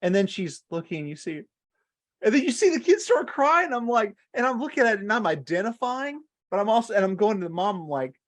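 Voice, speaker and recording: A man in his thirties, co-hosting a casual podcast chat, telling stories with frequent laughs. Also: fairly quick. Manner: animated storyteller, laughs often, big pitch swings. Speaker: co-host.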